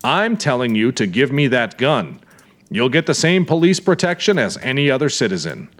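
A man's voice: mid-range voice, big pitch swings, moderate pace. A man voicing a firm, blunt young small-town police officer, in an audiobook reading. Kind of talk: audiobook character voice.

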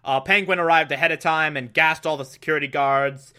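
A man's voice: on the high side, fairly even intonation, a little fast, pushed and bright. A man giving a sarcastic, rambling comedic movie recap, laughing at his own jokes.

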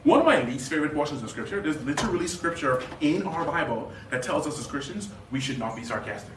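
An animated male pastor preaches to his congregation, his voice sitting a little high. He breaks into jokes and quick questions to the room. He is recorded in a roomy church from a distance, with faint noise behind him. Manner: animated, sarcastic humor, quick asides to the congregation. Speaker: guest pastor. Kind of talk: sermon. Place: church sanctuary.

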